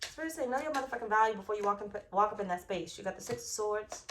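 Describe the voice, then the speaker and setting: A woman's voice: mid-range voice, expressive, fast, a bit bright, a little hiss or hum. A young adult woman giving a casual, rambling tarot reading, swearing often and talking with emphatic, fired-up force. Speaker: tarot reader.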